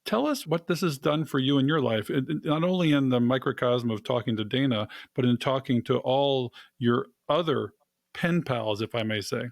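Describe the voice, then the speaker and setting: A man co-hosting a podcast, asking questions in a conversational, sometimes halting way. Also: mid-range voice, vocal fry, dry recording. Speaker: podcast co-host. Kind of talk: casual interview questions.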